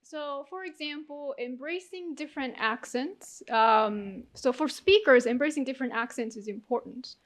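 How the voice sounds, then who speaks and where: A woman's voice: sits high, moderate pace, hardly any pauses. A woman serving as a contest judge, asking a student questions and patiently rephrasing them. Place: conference hall.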